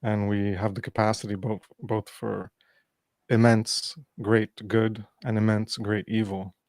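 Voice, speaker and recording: A man's voice: fairly low pitch, level tone, unhurried, darkish tone, no echo, clean studio sound. Sarcastic man on a podcast. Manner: sarcastic, mock-mocking tone, laughs. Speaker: podcast guest. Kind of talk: casual discussion.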